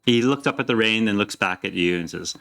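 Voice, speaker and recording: A man narrating a tabletop game as game master in a relaxed, descriptive way. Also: on the low side, brisk, creaky, soft background music.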